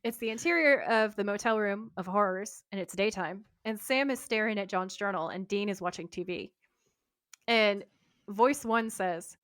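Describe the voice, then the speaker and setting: A woman's voice: mid-range voice, moderate pace, fairly bright tone, no echo, clean studio sound. A woman co-hosting a podcast, reading a TV episode recap aloud, acting out the lines and laughing as she goes. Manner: reads scene notes aloud, mimicking lines, laughing often. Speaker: podcast co-host.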